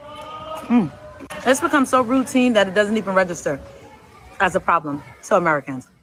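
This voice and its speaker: A woman's voice: medium pitch, expressive, normal speed, pauses often, a faint crowd, a little hiss or hum, rough recording. A woman teacher talking casually in a vlog while eating her lunch.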